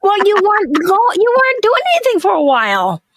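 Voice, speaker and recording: A woman hosting a casual video-call chat, talking in a quick, chatty way with fillers. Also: extremely high pitch, wildly swooping pitch, a bit bright, dry recording. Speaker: livestream host.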